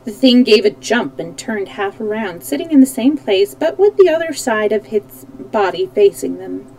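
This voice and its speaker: A woman's voice: medium pitch, expressive, normal speed, darkish tone, rough recording. A woman reading a children's storybook aloud, animating the characters and correcting small slips as she goes. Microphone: streaming microphone.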